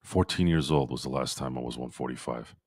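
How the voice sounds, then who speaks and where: A man with a low voice hosts a live sports stream from his home setup, chatting loosely with viewers. He rambles and doubles back on his words. His voice sounds dry and close to the mic. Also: brisk, darkish tone, breathy edge, dry recording. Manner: rambling, repeats himself, talks to chat by name. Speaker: sports podcast host. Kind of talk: casual live-stream chat reading viewer comments. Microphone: streaming microphone.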